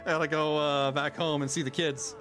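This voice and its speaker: A man's voice: fairly high pitch, little pitch movement, a little fast, fairly bright tone, soft background music. A man streaming a game, chatting and joking casually, often exclaiming in surprise. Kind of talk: casual live-stream commentary.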